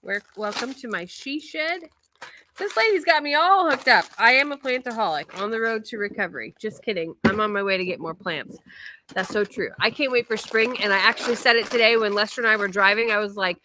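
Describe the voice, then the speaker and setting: Bubbly woman, bright-voiced. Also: mid-range voice, brisk, a little hiss or hum. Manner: bubbly, giggly, reads letters aloud. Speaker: host opening fan mail. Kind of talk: casual chat.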